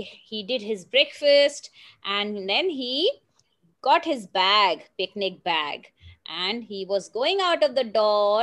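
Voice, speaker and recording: High-voiced woman teaching phonics. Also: sharp tone. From India. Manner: patient, coaxing, sounds words out slowly. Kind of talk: teaching young children with a story.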